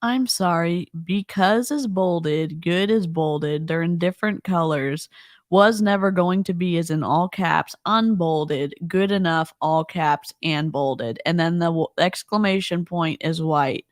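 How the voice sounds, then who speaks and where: Slow-talking exasperated woman streamer. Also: lowish voice, dry recording, studio quality. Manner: exasperated, mocking, laughing asides. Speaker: livestream co-host. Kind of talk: casual commentary chat.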